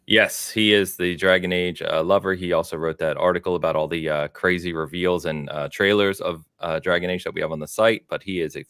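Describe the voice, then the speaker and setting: A man's voice: extremely low pitch, a bit bright, no room sound, studio quality. A man hosting a casual gaming podcast, rambling loosely with lots of fillers. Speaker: podcast host. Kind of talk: casual chat.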